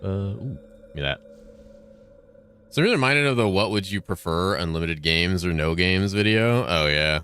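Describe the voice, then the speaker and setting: A man streaming games and chatting casually with his viewers, with dry, fairly monotone banter. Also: low voice, normal speed, faint music behind. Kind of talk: casual chat while gaming.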